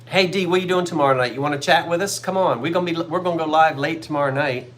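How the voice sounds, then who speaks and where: A woman from South Jersey with a South Jersey accent, hosting a live online sale and telling stories in a casual, animated way. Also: low-pitched, fast. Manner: chatty storyteller, animated, laughs easily.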